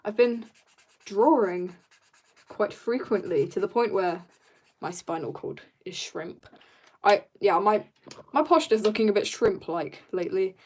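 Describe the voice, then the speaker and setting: A woman with a mid-range, darkish voice speaks at an unhurried pace. She's livestreaming while she draws, reading chat and talking casually with viewers in a bubbly way, laughing often.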